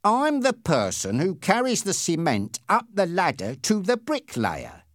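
A jumpy, rat-faced hitchhiker, played by a male reader, his voice pushed up high and loud as he cheers and protests. The delivery swings widely in pitch and sits dry and close to the mic. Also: unhurried, no echo, heavily acted. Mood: defensive. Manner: high, excited cheering and shouting. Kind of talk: audiobook character reading.

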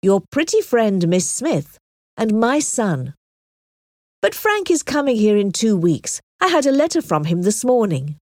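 Woman voicing a chatty genial gentleman. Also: medium pitch, very animated, measured pace, no room sound, clean studio sound.

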